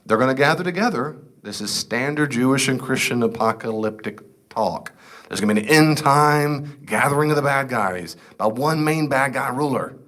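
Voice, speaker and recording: A man's voice: mid-range voice, lively intonation, normal speed, fairly bright tone. A middle-aged man teaching a casual Bible class, reading scripture aloud and asking the class questions he then answers himself. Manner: conversational, asks the class questions and answers them.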